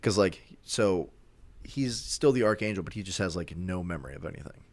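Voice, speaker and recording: A man's voice: low voice, expressive, brisk, dry recording. A young man co-hosting a podcast, casually recapping a movie plot in a rambling way with many filler words. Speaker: podcast co-host.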